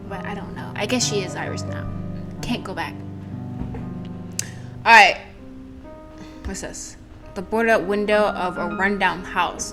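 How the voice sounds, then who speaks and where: A woman's voice: on the low side, creaky. A woman streaming a game, reading its text aloud and chatting with self-deprecating asides. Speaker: gameplay streamer. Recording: game music playing behind.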